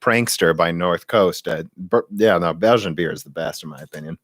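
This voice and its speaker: A man's voice: low-pitched, moderate pace, dry recording. A young man hosting a casual live stream about tech hardware, talking in a rambling, chatty way and laughing easily. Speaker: tech podcast host.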